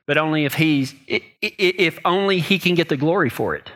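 A man's voice: a little high, animated, a little fast, a bit bright. A man preaching a sermon in a folksy, conversational way, telling personal stories, often repeating words and checking in with "okay?" and "right?".

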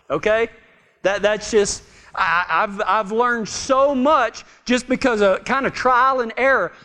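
High-voiced preacher in a hall. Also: male voice. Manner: folksy, joking, swings from loud to hushed. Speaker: pastor. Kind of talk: sermon. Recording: long hall reverb.

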